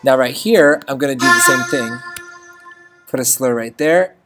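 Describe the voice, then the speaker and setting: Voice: mid-range voice, normal speed. A music teacher giving a casual screen-recorded notation lesson, often checking in with "okay?" and singing short phrases of notes. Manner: chatty, checks in with frequent "okay?", sings notes.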